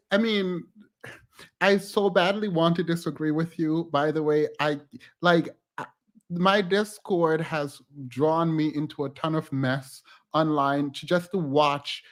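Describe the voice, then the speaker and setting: A man co-hosting a casual discussion, with a fairly high voice. He rambles and stumbles, restarting his sentences often. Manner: rambling, halting, many restarts and fillers. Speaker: podcast co-host.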